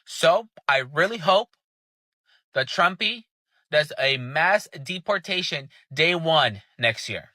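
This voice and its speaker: A man's voice: sits high, sing-song, measured pace, bright, forceful tone, no room sound. Furious swearing man with a tense voice. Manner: sarcastic, furious, swears heavily. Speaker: commentator. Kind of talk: angry profane rant.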